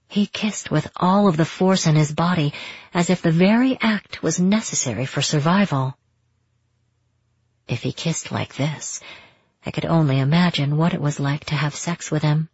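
A woman narrating a first-person romance story in a steady, intimate way. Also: sits low, breathy edge, no room sound. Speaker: audiobook narrator. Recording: dull, muffled audio.

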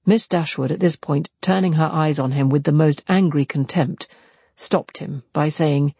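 Mellow, husky male audiobook narrator. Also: on the high side, moderate pace, dry recording. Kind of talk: scripted narration of a classic novel.

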